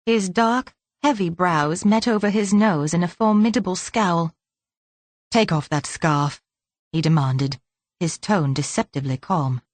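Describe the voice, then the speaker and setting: A woman's voice: fairly low pitch, moderate pace, darkish tone, dry recording. A woman narrating an audiobook in a light, lilting read on a close microphone. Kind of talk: scripted narration.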